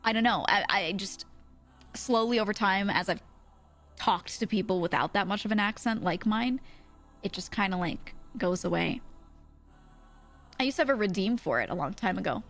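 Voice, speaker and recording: A woman's voice: medium pitch, animated, moderate pace, long pauses, a bit bright, faint music behind. A young woman, chatting casually with her stream audience and laughing often. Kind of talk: casual stream chat, reading chat messages.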